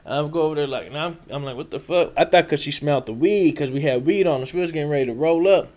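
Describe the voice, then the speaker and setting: A man's voice: on the high side, quick pace, a little mellow. A man with a Californian accent telling a casual personal story in slangy, profane speech full of filler tags. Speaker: show host telling a story.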